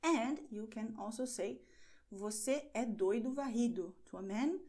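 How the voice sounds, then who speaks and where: A woman's voice: a little high, measured pace, dark tone. A woman teaching a language lesson, a native Brazilian Portuguese speaker who explains patiently and keeps checking in with "okay?".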